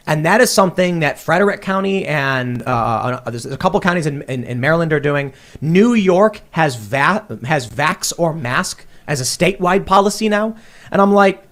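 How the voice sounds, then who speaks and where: A man's voice: on the high side, animated, moderate pace, fairly bright tone. A man in a studio, talking heatedly about politics, acting out quoted exchanges and rising to indignant outbursts. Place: studio room.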